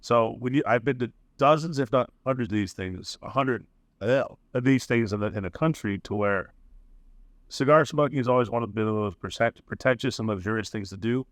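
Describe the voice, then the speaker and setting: A man's voice: medium pitch, brisk, no echo, clean studio sound. A man co-hosting a podcast in a cigar bar, chatting casually, correcting himself as he goes and swearing freely. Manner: rambling, self-correcting, profane. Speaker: podcast co-host. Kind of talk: casual chat.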